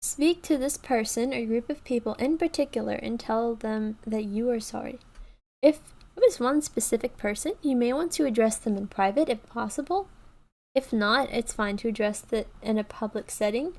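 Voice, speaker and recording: A woman talks straight to her viewers in a casual advice video. Her voice sits a little high, and she keeps checking in with a quick "okay?" or "right?" She often restarts her sentences, earnest and plain-spoken. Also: a little mellow. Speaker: YouTube creator. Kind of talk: casual advice talk to camera.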